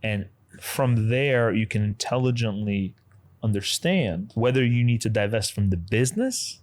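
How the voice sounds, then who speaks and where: A man's voice: lowish voice, expressive, a little slow, a little mellow. A man speaking as a business lawyer in a panel discussion, posing questions and reframing the issue.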